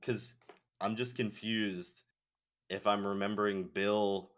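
A man chatting as a podcast guest, hesitant as he thinks aloud and quick to laugh. His voice sits on the low side. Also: level tone. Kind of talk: casual podcast chat.

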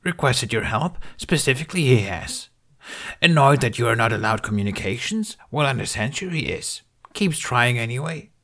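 Yoda, a man doing a high wise old creature voice. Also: animated, normal speed, a bit bright. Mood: sage. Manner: inverted word order, sage and wry. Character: ancient small green male Jedi master, wise, teasing. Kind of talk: audiobook reading of fan fiction.

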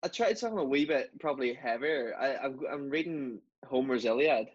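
A man's voice: mid-range voice, expressive, brisk, breathy edge. Man, dry self-deprecating chat, mid voice, muffled lo-fi audio. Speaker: podcast co-host. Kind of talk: casual chat. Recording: dull lo-fi podcast audio.

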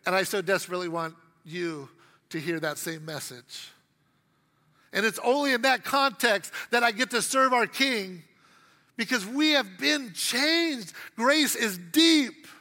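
A man's voice: high-pitched, unhurried, bright, forceful tone, long reverb tail. A middle-aged man preaching a sermon with humor, acting out quotes while telling stories. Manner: humorous storytelling with acted quotes. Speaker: pastor.

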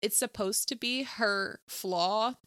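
A young woman chatting casually about an old movie, acting out lines with lively reactions. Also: mid-range voice, slow, smooth, dry recording, studio quality. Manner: animated, acts out quotes. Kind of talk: casual movie review chat.

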